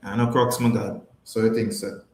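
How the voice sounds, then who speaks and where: Speaking on the low side with little pitch movement and at normal speed, a man with a Jamaican accent hosts a podcast livestream. In an echoey room, he talks casually with viewers, answers them, and restates his points to stress them.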